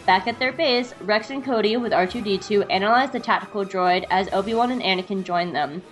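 Soft music sits beneath a woman co-hosting a fan podcast as she chats, laughs easily, and reads an episode recap. Her mid-range voice moves at a brisk pace.

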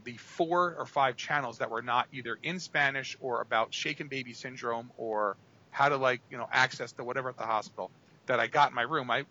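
Bright-voiced man rambling on a podcast. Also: mid-range voice. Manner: rambling, filler-heavy storytelling. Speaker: podcast co-host. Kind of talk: casual chat. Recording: dull lo-fi audio.

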